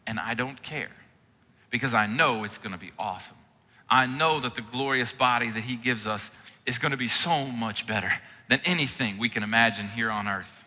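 Guy preaching a sermon, super bright voice, chatty and earnest, hall reverb behind him. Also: medium pitch. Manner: earnest, conversational preaching with casual asides. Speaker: pastor.

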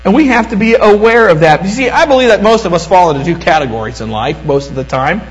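A middle-aged man preaching a sermon as pastor, earnest, slowing down for emphasis and repeating words as he starts sentences. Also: high voice, animated, poor audio. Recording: mains hum underneath.

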